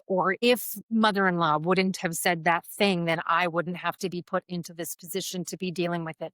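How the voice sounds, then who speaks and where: Woman podcast host, counselor, lowish voice, reflective, dry close recording. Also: a bit bright, no echo. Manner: thoughtful, often adds "like" and "right?". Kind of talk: reflective conversation.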